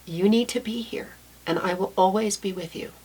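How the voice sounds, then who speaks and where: A woman voicing her wise, loving male cat, speaking to her in a gentle, encouraging way. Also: mid-range voice, normal speed, breathy edge, natural voice. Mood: tender.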